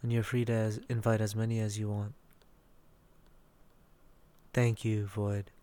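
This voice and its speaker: A man's voice: fairly low pitch, little pitch movement, measured pace, warm tone. A young man from Texas hosting a casual voice chat, reading out and answering listener messages. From Dallas, Texas. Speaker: voice chat host.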